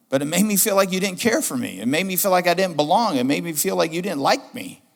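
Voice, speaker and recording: A middle-aged man preaching a sermon as a pastor, telling a story in an animated, humorous way. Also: a little high. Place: church auditorium. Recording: long hall reverb.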